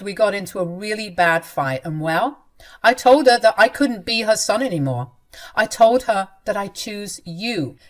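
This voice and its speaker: A woman voicing a gentle young husband who speaks softly and apologetically. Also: mid-range voice, lightly acted. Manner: soft, apologetic.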